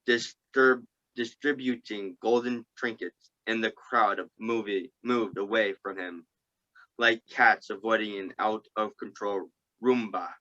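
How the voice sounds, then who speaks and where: A man reading a novel aloud to a group, halting and stumbling over words and restarting. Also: fairly low pitch, steady tone, bright, forceful tone, dull audio. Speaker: group reader.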